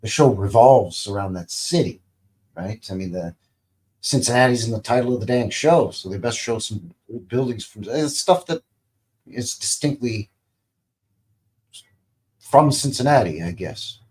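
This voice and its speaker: A man's voice: mid-range voice, animated, unhurried, long pauses, a little mellow. A man in his fifties hosting a casual live stream, commenting on old TV clips in a rambling way with joking asides and lots of fillers. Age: 50s. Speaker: channel host.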